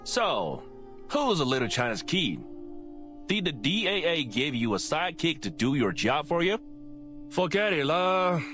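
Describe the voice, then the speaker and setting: A man's voice: a little high, very animated, measured pace, over music. An actor playing a prickly, scornful male private eye in a video game, with a drawling, sneering delivery.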